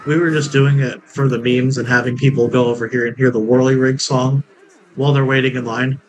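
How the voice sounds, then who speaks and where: A man's voice: medium pitch, flat delivery, brisk, poor audio. A man giving casual, rambling commentary while he plays a theme park building game, joking and laughing at his own jokes. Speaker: let's play gamer.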